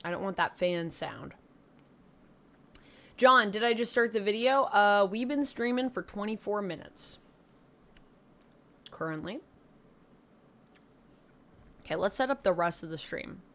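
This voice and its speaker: Chatting on a live stream from her home desk mic, a young woman from Canada with a faint Southern twang rambles in a self-deprecating way. Her mid-range voice has lively intonation, a fairly bright tone, a slightly slow pace and long pauses.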